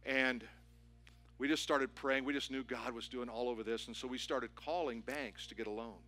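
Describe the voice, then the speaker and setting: Bright-voiced pastor telling a story. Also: male voice, mid-range voice, moderate pace, soft background music. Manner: animated storytelling with rising excitement. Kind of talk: sermon. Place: church auditorium.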